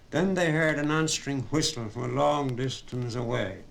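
A man reading a story aloud as narrator, with steady storytelling. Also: mid-range voice, moderate pace, creaky, few pauses. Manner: steady storytelling, voices the characters. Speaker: audiobook narrator. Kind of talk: scripted narration.

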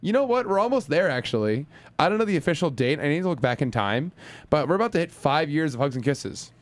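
A man's voice: fairly high pitch, fast talker, no echo. Chatty male college radio co-host. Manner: chatty, excitable, trailing off into asides. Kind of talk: casual radio chat.

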